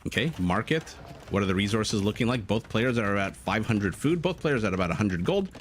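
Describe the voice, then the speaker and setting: With a fairly low, animated voice at a fairly quick pace, a Canadian caster calls a strategy game live. He keeps things chatty and jokey, interrupting himself to answer viewers' chat between plays, and a little hiss or hum is audible.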